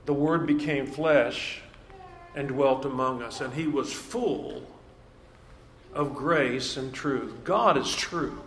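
A man preaching a sermon in an emphatic way, repeating key phrases and slowing down to stress them. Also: mid-range voice, a bit bright. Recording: echoey hall, faint background noise.

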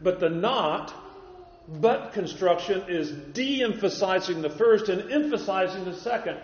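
A man's voice: high voice, animated, measured pace, a little hiss or hum. A man preaching an expository Bible sermon, emphatic and quoting scripture, recorded in a church hall. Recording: echoey hall, dull lo-fi sound.

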